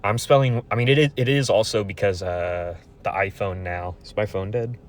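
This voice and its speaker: A man's voice: lowish voice, normal speed. A man in his twenties ranting in a casual, profane, rambling way with frequent restarts. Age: 20s. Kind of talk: casual venting monologue.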